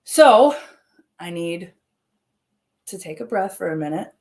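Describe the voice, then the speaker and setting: A woman hosting her own livestream, fired up and confrontational, cursing freely as she talks straight to the camera. Her voice sits a little low for a woman. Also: lively intonation, slow, darkish tone. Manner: heated, swearing, confrontational. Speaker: livestream host. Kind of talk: angry livestream address.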